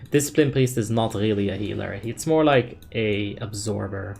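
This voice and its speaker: A man's voice: fairly low pitch, measured pace, vocal fry, a little mellow, a little hiss or hum. A young man casually commenting on his gameplay, reading chat aloud and explaining tactics in a laid-back, filler-heavy way. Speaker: game streamer.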